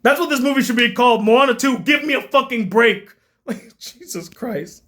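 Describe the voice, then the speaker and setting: A man giving a profane, exasperated comedic movie rant as a film critic, often bursting into shouts. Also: extremely high pitch, expressive, moderate pace.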